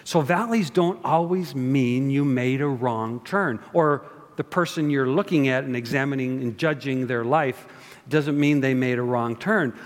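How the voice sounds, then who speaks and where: A man's voice: medium pitch, a little slow. Male pastor, sermon, chatty asides to the congregation, long hall reverb. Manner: conversational, with rhetorical asides to the congregation.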